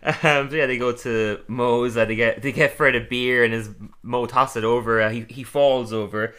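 A man's voice: mid-range voice, steady tone, normal speed, fairly bright tone, clear, resonant tone. A man co-hosting a podcast, chatting casually about a cartoon episode and laughing often as he retells scenes. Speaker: podcast co-host.

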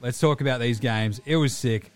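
A man's voice: mid-range voice, soft background music. A man with an Australian accent hosting a sports podcast in a jokey, chatty way. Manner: jokey, fast and chatty with fillers. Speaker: podcast host. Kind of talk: casual sports podcast chat.

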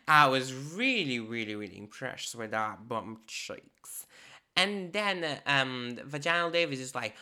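A woman talking casually and playfully about an artist's work, with sassy, animated asides. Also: extremely low pitch, a little slow.

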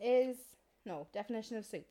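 An Irish woman co-hosting a podcast at home, teasing and arguing in fast casual chat. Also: on the high side, lively intonation, dark tone, no echo. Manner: teasing, argumentative, quick storytelling. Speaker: podcast co-host.

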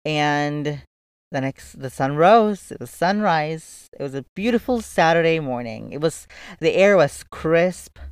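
A young man tells a personal story straight to camera, chatty and loose, with frequent "like" and casual swearing. His voice is smooth and clear. The sound is dry, as if recorded close to the mic. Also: fairly high pitch, expressive, a little slow, dry recording. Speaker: vlogger.

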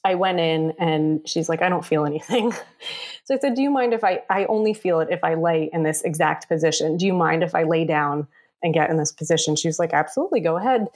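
A woman in her thirties with a slightly low voice tells her own story in a relaxed, chatty way. She fills it with "um" and "like" and briefly acts out the other people's voices as she goes. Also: quick pace. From New York area. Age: 30s. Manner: chatty, many fillers, acts out quoted voices. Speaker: guest telling her story. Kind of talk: casual personal storytelling.

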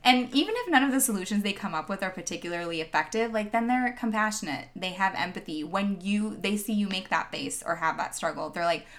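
A woman's voice: mid-range voice, animated, fairly quick, hardly any pauses, fairly bright tone. A woman, a former teacher, giving a reflective interview answer in an earnest, conversational way with many fillers.

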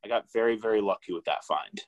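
A young man hosts a casual podcast chat, his voice sitting a little low. He talks in a relaxed, rambling way, swears freely and pads his sentences with fillers. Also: quick pace, rough recording. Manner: laid-back, swears a lot, many fillers. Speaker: podcast host.

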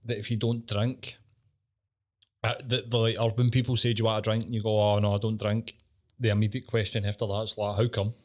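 A man's voice: on the low side, flat delivery, fairly quick, a little mellow. A Scottish man in casual podcast chat, bantering, laughing often and swearing freely.

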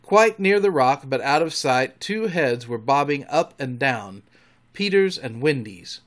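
A man reading a storybook aloud in an expressive, dramatic way. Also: medium pitch, unhurried. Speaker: narrator.

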